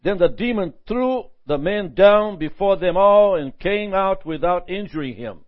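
A man teaching a Bible lesson in a lively sermon style, often asking "Amen?" and chuckling. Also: high voice, measured pace, dry recording, phone-quality sound.

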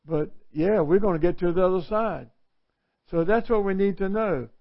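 A man's voice: sits high, normal speed. A male preacher giving an earnest, conversational sermon full of rhetorical questions. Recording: dull lo-fi recording.

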